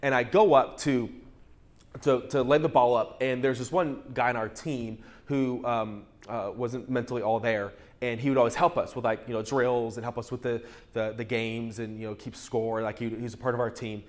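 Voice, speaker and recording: A male pastor preaching a sermon through a humorous, animated personal story, often restarting his words. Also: medium pitch, normal speed.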